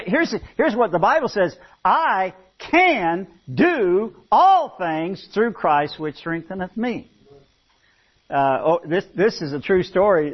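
Animated preacher man, lo-fi recording. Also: high-pitched, breathy edge. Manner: animated storytelling with stammered restarts. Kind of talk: sermon. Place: church with congregation. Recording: dull lo-fi recording.

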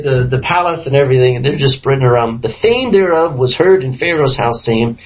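Leading a Bible study, a man reads scripture aloud and animatedly acts out the characters' voices, laughing as he goes. His voice is a little high, brisk, with few pauses. The room recording sounds dull and lo-fi.

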